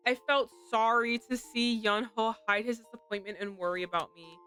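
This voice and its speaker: A woman streaming a game, reacting with animated, dramatic commentary and reading the lines aloud. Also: fairly high pitch, normal speed, few pauses, clear, resonant tone, faint music behind. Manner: animated, laughing, dramatic outbursts. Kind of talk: game playthrough with commentary and read-aloud translation.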